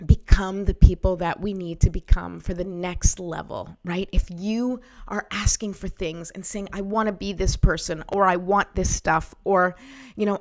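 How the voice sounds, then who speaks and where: A woman hosting a motivational talk, encouraging and personal, often checking in with the listener. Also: mid-range voice. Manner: encouraging, repeats "right?" to the listener. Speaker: host.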